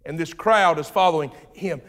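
A pastor preaching an animated sermon, swinging between loud and hushed. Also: male voice, on the high side, normal speed. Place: church sanctuary. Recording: long reverb of a large hall.

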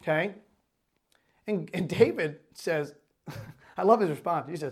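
A male pastor with a notably high voice for a man delivers a sermon. He reads scripture passages aloud, then breaks into loose, lively explanation, full of asides to his congregation. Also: normal speed, pauses often.

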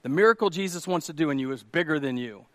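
A man preaching a sermon as pastor, swinging from loud urgent exhortation to hushed prayerful tones in a church room. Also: a little high, animated, fast talker, no room sound.

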